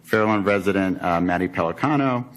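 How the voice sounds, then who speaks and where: A man's voice: low-pitched, brisk. A man, a council member, giving earnest remarks at a borough council meeting, with frequent fillers and restarts. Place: council chamber.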